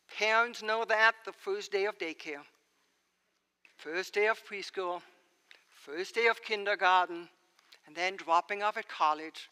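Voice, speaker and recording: A woman's voice: mid-range voice, unhurried, pauses often, pushed and bright, smooth. A woman pastor giving a sermon, preaching expressively and asking rhetorical questions. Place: church sanctuary. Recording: long church reverb.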